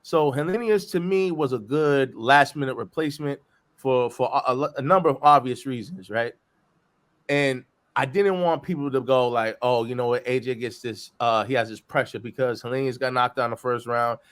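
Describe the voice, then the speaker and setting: A man co-hosting a boxing talk show, giving animated, rambling commentary full of slang. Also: mid-range voice, moderate pace. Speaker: co-host. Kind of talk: casual commentary.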